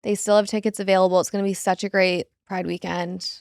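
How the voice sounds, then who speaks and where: A woman's voice: mid-range voice, level tone, quick pace, creaky, darkish tone, no echo, clean studio sound. A woman from Massachusetts, a reality TV cast member, chatting casually as a podcast guest in a playful, filler-heavy valley-girl lilt. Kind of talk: casual chat. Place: studio couch.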